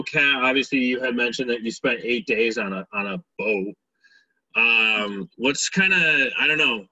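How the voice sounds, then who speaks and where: A man's voice: medium pitch, pushed and bright, no echo. A man hosting a casual interview, asking his guests questions in an easygoing, laid-back way. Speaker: podcast host. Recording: dull lo-fi dry recording.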